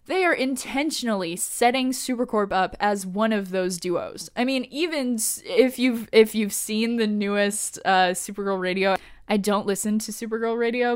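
Excited gushing woman recapping episodes. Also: medium pitch, clear, resonant tone. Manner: excited, gushing, lots of fillers and laughter. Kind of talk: casual fan recap monologue.

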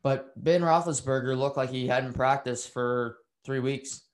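A man's voice: mid-range voice, fairly even intonation, a little slow. A man giving an unscripted, opinionated recap of a football game, rambling with fillers and restarts and getting heated over calls he dislikes. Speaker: football commentator.

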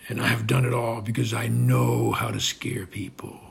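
Man doing a gravelly gloating strongman dictator. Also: lowish voice, sing-song, moderate pace, full character voice. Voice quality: gravelly, very husky. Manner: boastful and scornful, drops into rasping whispers. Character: gloating ruthless male strongman leader, boastful. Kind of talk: satirical monologue.

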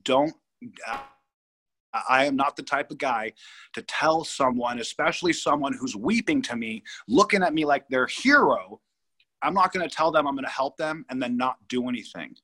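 A man's voice: mid-range voice, animated, normal speed, sharp tone. A man in his thirties from California, a guest telling a story in an interview, rambling and emphatic with many restarts. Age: 30s.

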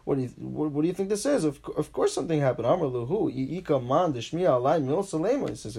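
A man teaching a Talmud class, reading each line and paraphrasing it in English, animated, with frequent restarts. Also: fast talker, gravelly, hardly any pauses, husky. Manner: animated, pitch jumps for emphasis.

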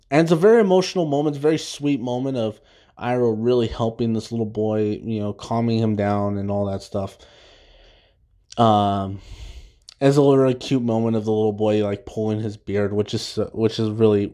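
A man's voice: mid-range voice, dark tone. A young man hosting a podcast, recapping an episode in a rambling, casual way, full of fillers and restarts. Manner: rambling, many fillers and restarts, laughs at his own jokes. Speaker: podcast host.

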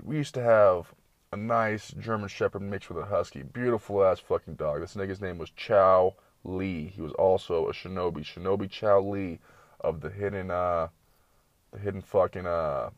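A man's voice: sits low, moderate pace, no echo, dull audio. A young man telling rambling, profane stories in a slangy, casual late-night monologue full of tangents.

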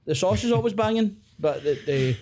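A Scottish man trading jokes on a podcast with a voice pitched a little high. He talks loosely and teases the others, swearing freely. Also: lively intonation, brisk, darkish tone. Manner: banter, swears freely, teasing. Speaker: podcast co-host. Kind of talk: casual chat.

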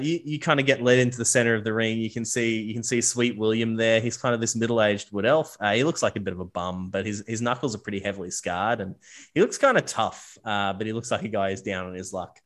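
A man's voice: fairly low pitch, brisk, fairly bright tone. A man running a tabletop game as game master, loose and swearing, with lots of fillers.

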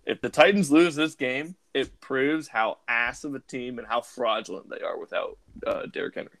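A man's voice: medium pitch, moderate pace, a bit bright, no echo. A man co-hosting a casual sports podcast, joking and emphatic as he makes his picks. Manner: joking, emphatic, trash-talking. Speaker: podcast co-host.

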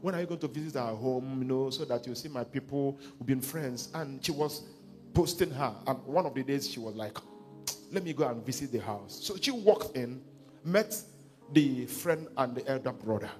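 A man's voice: mid-range voice, lively intonation, moderate pace, a little mellow, soft background music. A male pastor with a Nigerian accent preaching a sermon, leading his congregation in reading scripture aloud and retelling a counselling story.

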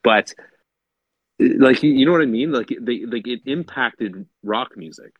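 A man's voice: medium pitch, a little slow, no echo, phone-quality sound. A man co-hosting a music podcast in casual chat, enthusiastic and leaning on "like" and "I feel like". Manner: enthusiastic, heavy use of "like" and "I feel like". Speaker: podcast co-host.

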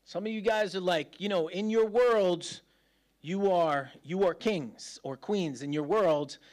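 A man preaching a sermon in a casual, joking, self-deprecating way, laughing often as he talks. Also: on the high side. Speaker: pastor.

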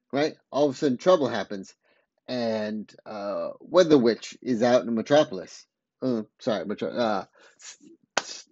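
A man's voice: mid-range voice, a little mellow, no echo, muffled recording. A man giving a casual spoken recap, rambling along and often stopping to correct himself mid-sentence.

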